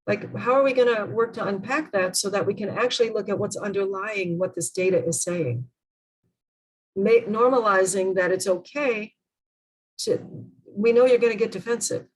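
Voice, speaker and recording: A woman's voice: medium pitch, moderate pace, poor audio. A woman presenting an online workshop over a video call, earnest and emphatic, often asking the group questions.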